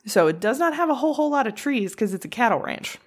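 A woman's voice: a little high, quick pace. A woman co-hosting a podcast, telling a true crime story in casual, profane chat. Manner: profane, animated storyteller with mocking quoted voices.

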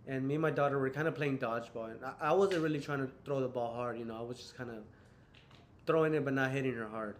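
A man's voice: mid-range voice, fast. Young male podcast host, loose chatty storyteller, faint background hiss. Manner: rambling storytelling with many fillers. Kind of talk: casual chat.

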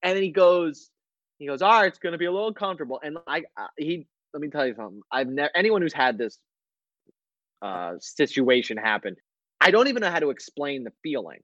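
A man with a fairly high voice tells a story in loose podcast chat, jumping between the voices of himself and others. He laughs as he goes, and the sound is dry and slightly muffled. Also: a little fast, no echo. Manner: animated, acts out both sides of a story, laughs often. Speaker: podcast co-host, comedian.

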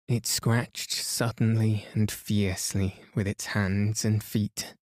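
A man narrating a bedtime story for a sleep podcast in a slow, soothing, even manner, close to the mic. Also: fairly low pitch, no room sound.

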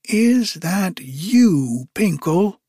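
A man voicing a cruel, scheming old witch woman who mutters in a hushed, menacing way. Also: medium pitch, very animated, very slow, breathy edge, no room sound, clean studio sound, heavily acted. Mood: shrill rage.

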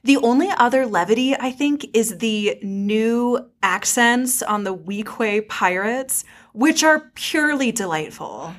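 A woman podcaster speaks in a fairly high voice that swoops up and down with animated energy. She talks casually and gushes with enthusiasm, cracking jokes as she goes. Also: measured pace, few pauses. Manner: enthusiastic, gushing, joking. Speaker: podcast co-host. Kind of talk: casual chat recapping a cartoon.

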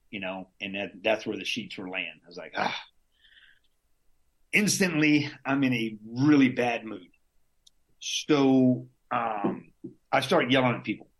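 A man's voice: mid-range voice, fairly bright tone. Laid-back slangy male veteran. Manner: laid-back, slangy, drops in curses and chuckles. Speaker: army veteran guest. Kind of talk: casual storytelling.

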